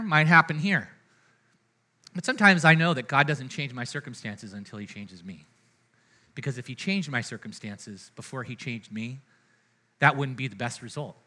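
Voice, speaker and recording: A man preaching a sermon in a casual, conversational way, often checking in with the congregation and moving between loud, energetic lines and hushed ones. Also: on the high side. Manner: conversational preaching, frequent "right?" and "amen?" asides to the congregation. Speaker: pastor.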